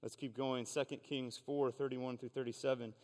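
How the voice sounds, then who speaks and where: A man delivering a sermon in a church, moving between reading scripture and earnest, conversational asides. His mid-pitched voice carries a long reverb from the hall around him. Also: little pitch movement, normal speed, a little mellow. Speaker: pastor. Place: church sanctuary.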